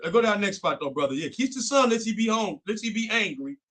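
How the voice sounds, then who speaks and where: A man's voice: high voice, animated, fast, a bit bright. A young man co-hosting a faith talk show, preaching on scripture in a fervent, repetitive, colloquial way. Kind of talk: preaching Bible study talk.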